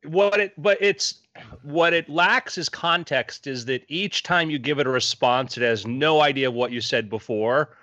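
Bright-voiced man explaining tech. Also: a little high, a little slow, no echo, highs cut off. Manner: explanatory, matter-of-fact. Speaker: podcast co-host. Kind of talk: casual tech podcast chat.

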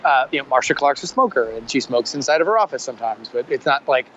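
A man's voice: mid-range voice, expressive, fast talker, fairly bright tone. A man chatting on a podcast, his voice a little dull and lo-fi, with a faint hiss of noise behind it. He rambles, piling up fillers as he works through a thought. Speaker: podcast co-host. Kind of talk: casual chat.

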